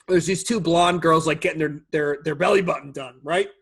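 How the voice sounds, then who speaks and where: A man in his forties, co-hosting a podcast, telling stories in a lively, profane, laughing way. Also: on the high side, a little fast, vocal fry, breathy edge. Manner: animated storyteller, laughs often, profane. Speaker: podcast co-host. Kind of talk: casual chat.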